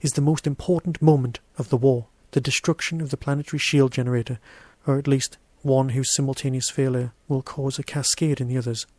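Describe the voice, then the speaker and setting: A man's voice: medium pitch, fairly even intonation, dark tone, no echo, natural voice. Man reading as a wily, knowing traveller. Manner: measured, knowing. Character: calm, wily small man, knowing and sagely.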